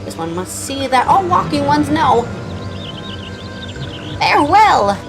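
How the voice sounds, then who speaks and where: A woman's voice: sing-song, takes it slowly, vocal fry, music in the background, exaggerated voice. A woman voicing a chirpy, eager little beast-tribe creature who refers to itself in the third person. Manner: third-person speech, lifted pitch.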